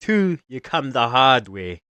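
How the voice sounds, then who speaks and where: A man voicing a gruff, bossy male city guard. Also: mid-range voice, big pitch swings, takes it slowly, sharp tone, no echo, full character voice.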